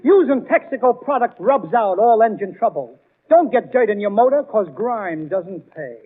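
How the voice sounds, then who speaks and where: A man hosting a 1930s radio comedy show, wisecracking and excitable. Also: high-pitched, normal speed. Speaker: comedian host. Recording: tinny 1930s radio broadcast with music.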